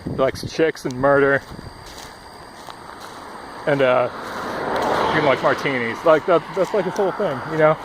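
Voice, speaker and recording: Vlogging outdoors by a busy road, a young man talks in a voice on the high side, at a measured pace with long pauses. His casual monologue meanders, breathless and loaded with fillers and swear words. Recorded on a headphone cord mic, the clip carries faint traffic noise from passing cars.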